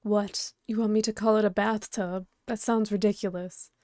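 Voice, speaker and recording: Woman doing a quiet deadpan ghost girl. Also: mid-range voice, normal speed, no room sound, clean studio sound, natural voice. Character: calm deadpan ghost girl, part frog. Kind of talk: reading a webcomic aloud with voices.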